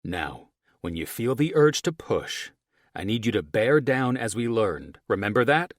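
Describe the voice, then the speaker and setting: A man's voice: on the low side, sing-song, measured pace, no room sound, clean studio sound. A male audiobook narrator voicing a firm, commanding doctor husband with an instructive manner. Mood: firm instructing. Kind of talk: audiobook character voice.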